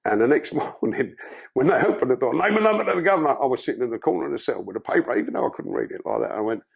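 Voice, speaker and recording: Gravelly, husky man. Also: medium pitch, expressive, racing, a little mellow. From London. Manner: blunt, profane storytelling. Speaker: podcast guest. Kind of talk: candid life-story interview.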